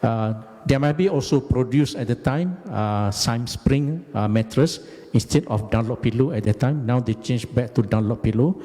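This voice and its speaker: A man, giving a halting, deliberate lecture about his career. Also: medium pitch, dark tone, long reverb tail. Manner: halting, deliberate, frequent hesitations. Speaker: guest lecturer, company managing director.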